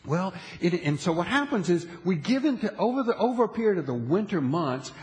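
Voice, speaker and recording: High-voiced man preaching in a hall. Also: fairly quick. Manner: animated, asks the audience "okay?" often; repeats and restarts phrases. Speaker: pastor. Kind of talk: sermon. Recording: long hall reverb.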